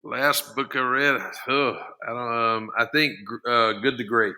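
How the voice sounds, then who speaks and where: Earnest man with bright forceful voice. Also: mid-range voice, steady tone, a little slow, clean tone. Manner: earnest, repeats and restarts words often. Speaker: podcast guest, former football lineman. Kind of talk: casual interview talk.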